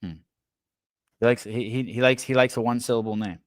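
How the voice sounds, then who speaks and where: A male podcast host gives casual livestream commentary into a dry, close mic with no echo. His medium-pitched voice is steady and a little quick as he riffs profanely and rambles, stammering and restarting.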